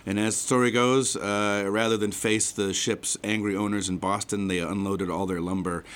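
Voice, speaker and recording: Low-voiced friendly male musician guest. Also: level tone, moderate pace, fairly bright tone. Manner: friendly, laughs easily. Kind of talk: casual interview talk.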